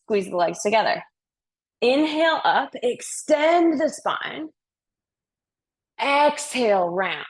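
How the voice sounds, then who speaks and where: A young woman leads a yoga flow, counting down breaths and cueing poses with playful energy. Her voice sits a little high, and she sounds slightly out of breath from moving along with the class. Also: sing-song, takes it slowly, long pauses, slightly rough. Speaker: yoga instructor. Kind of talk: guided yoga class instruction.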